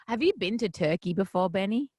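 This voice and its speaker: A woman's voice: medium pitch, animated, a little fast, a little mellow, dry recording. A bubbly, teasing woman hosting a casual radio interview from a studio. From Australia. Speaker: radio host. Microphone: headphones and studio mic.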